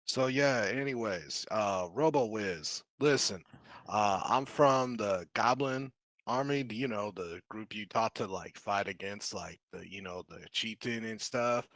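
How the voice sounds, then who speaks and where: A cocky goblin sorcerer who rambles in street slang and swears freely, played by a man in his own voice. The tone is bright and forceful, with a low pitch. The recording is dry and close. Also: a little slow, no room sound. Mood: brash. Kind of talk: tabletop role-play.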